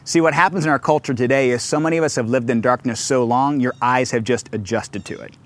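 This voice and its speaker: A middle-aged man preaching a sermon, telling a story with lively acted quotes and shifting between fast storytelling and slow, stressed scripture. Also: mid-range voice. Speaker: pastor.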